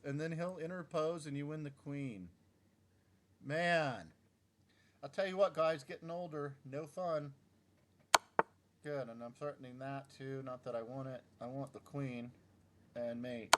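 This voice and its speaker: A middle-aged man talks to himself as he works through puzzles, in a slow, unhurried voice at an ordinary pitch. He mutters his moves one by one and mocks his own blunders with a wry, self-deprecating humor. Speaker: chess YouTuber solving puzzles. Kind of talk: casual thinking-aloud commentary.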